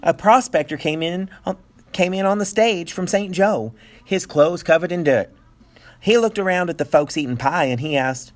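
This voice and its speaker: A male teacher reading a picture book aloud with animated storytelling and playful asides. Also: sits high, normal speed.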